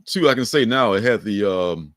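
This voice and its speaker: An older man with a low voice chats loosely on a livestream, his pitch swinging up and down as he gets excited. He rambles, laughs a lot and sounds close and dry, with no room around him. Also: moderate pace, no room sound. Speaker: livestream co-host. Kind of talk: casual chat.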